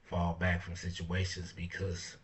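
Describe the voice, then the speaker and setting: A man's voice: low-pitched, completely flat delivery, unhurried, recorded from a distance. A man, hosting a casual monologue in a laid-back way, full of fillers and swearing. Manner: laid-back, fillers like "you know what I'm saying", swearing. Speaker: podcast host.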